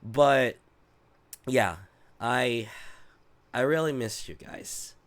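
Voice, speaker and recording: A man's voice: mid-range voice, animated, very slow. A man in his thirties with a voice worn down by a cold, chatting casually with his viewers as a streamer, rambling, restarting sentences and swearing now and then. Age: 30s.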